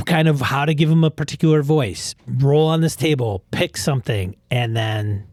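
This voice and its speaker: A man's voice: mid-range voice, moderate pace, a little mellow, no echo, clean studio sound. A man hosting a gaming podcast in casual chat, rambling and restarting his sentences as he goes. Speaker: podcast host.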